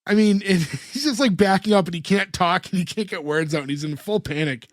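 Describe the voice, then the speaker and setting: A man's voice: sits high, brisk, few pauses, dry recording, clean studio sound. A man co-hosting a podcast, recapping a TV episode in long casual retellings full of fillers. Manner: long retellings with many fillers and acted quotes. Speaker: podcast co-host.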